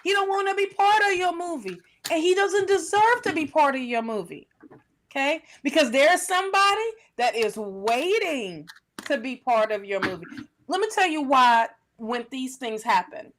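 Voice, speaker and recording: A woman's voice: high-pitched, animated, moderate pace, fairly bright tone, a little hiss or hum. A woman co-hosting a live tarot stream, giving emphatic, sassy advice in casual slang. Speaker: tarot reader co-host.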